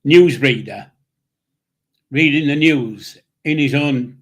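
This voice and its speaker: A man's voice: mid-range voice, slow. An older man with a Yorkshire accent, co-hosting a live chat show in a blunt, unfiltered manner. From Yorkshire, England. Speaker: co-host. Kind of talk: casual chat.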